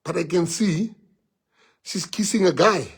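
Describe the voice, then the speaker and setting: Brief: a South African man, a politician, spinning a lively personal story. His voice is husky and sits a little high. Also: a little slow. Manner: animated storyteller, laughs, switches into Afrikaans. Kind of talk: storytelling anecdote in conversation.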